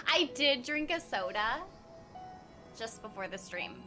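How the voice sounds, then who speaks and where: A woman's voice: sits high, expressive, takes it slowly, music in the background. A young woman chatting casually to viewers on a game stream, bubbly and giggly, rambling from topic to topic. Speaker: streamer and voice actor.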